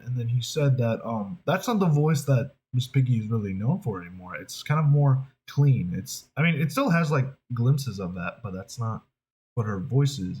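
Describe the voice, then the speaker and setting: A voice actor talks casually to the camera, thinking aloud and often restarting sentences. Their pitch rises and falls a lot, which keeps the delivery animated. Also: poor audio. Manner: rambling, hesitant, with many restarts.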